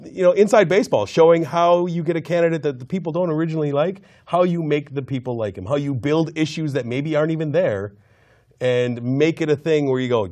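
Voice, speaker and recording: A man's voice: fairly high pitch, fairly quick. A man co-hosting a film review show, chatting casually and acting out scenes in mock voices. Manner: animated, acts out lines in mock voices.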